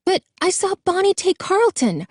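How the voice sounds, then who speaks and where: A frightened young boy cries out in a high, strained voice that shakes as he insists and pleads, as a woman reads him aloud. His tone is mellow and soft-edged, and the sound is close and dry. This is an audiobook voice. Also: very animated, a little slow, breathy edge, no room sound, exaggerated voice. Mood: frantic. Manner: yelling, shaky and pleading.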